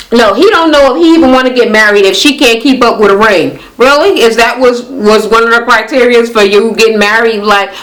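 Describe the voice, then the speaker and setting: A woman's voice: fairly high pitch, moderate pace, a bit bright, low-quality recording. A young woman casually recapping a reality show, sassy and profane, mimicking the cast in mocking voices.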